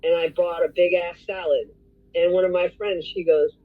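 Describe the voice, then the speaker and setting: A woman's voice: on the low side, fairly even intonation, normal speed, dry recording. A woman in a weight loss support group, chatting and quoting others on a video call. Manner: chatty, laughing, quotes others. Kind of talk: casual video call chat. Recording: dull dry video call audio.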